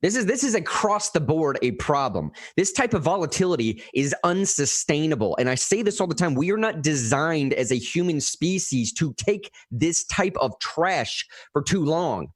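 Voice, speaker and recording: A man co-hosting a political podcast, talking emotionally and quickly with many restarts. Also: fairly high pitch, very animated, no echo, clean studio sound. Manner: emotional, fast, rambling with restarts. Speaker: podcast co-host. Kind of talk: impassioned political commentary.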